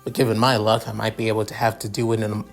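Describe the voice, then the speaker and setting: A man's voice: lowish voice, level tone, rapid-fire, gravelly, faint music behind. A man voicing an easygoing young prince who rambles and stammers through explanations. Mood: hopeful. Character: young male prince inventor, easygoing, sheepish.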